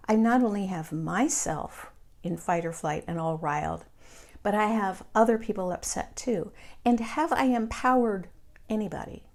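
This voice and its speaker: A middle-aged woman, leading a meditation group in a calm, reflective and candid way. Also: medium pitch, unhurried. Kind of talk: meditation class talk.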